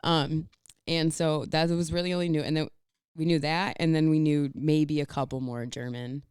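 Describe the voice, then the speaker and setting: Young woman, podcast co-host, giggly rambling storyteller, low-pitched, dry close sound. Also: steady tone, moderate pace, a little mellow, clean tone, no room sound. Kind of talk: casual chat.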